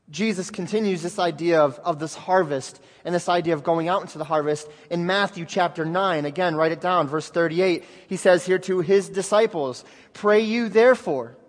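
Male pastor, high voice, impassioned sermon delivery, long church-hall reverb. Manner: fervent preaching, swings from loud to hushed.

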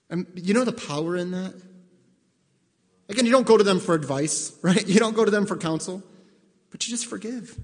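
A man's voice: sits high, fairly quick, long reverb tail. A male pastor preaching in a conversational way, asking the congregation direct questions and acting out both sides of conversations. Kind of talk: sermon.

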